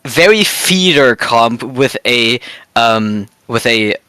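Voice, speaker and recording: A German man commentating an esports tournament livestream, chatty and quick to laugh at himself. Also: mid-range voice, animated, bright, forceful tone, smooth, no room sound.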